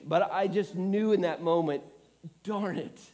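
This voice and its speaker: A man's voice: high-pitched, unhurried, a little mellow. A middle-aged man preaching a sermon, telling stories earnestly with self-deprecating humor, choked up and tearful. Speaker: pastor.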